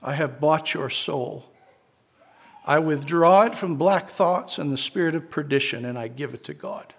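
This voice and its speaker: Kindly old bishop, gentle, forgiving, unhurried, gravelly voice , as read by a man. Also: on the high side, exaggerated voice.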